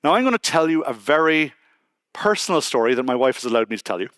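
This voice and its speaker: A man from Ireland talks fast in a medium-pitched, clean voice while speaking at a conference. Onstage in the hall, he shares a personal story conversationally, dropping in lively quotes from people along the way. The audio is dry.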